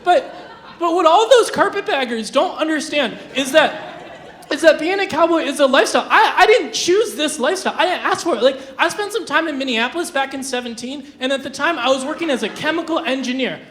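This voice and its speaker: A young stand-up comic with a high voice tells absurd jokes in a flat, deadpan way. The delivery stumbles through restarts and little fillers. The sound carries the roomy echo of a live venue. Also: brisk. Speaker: stand-up comedian. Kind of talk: stand-up comedy set. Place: live comedy venue stage.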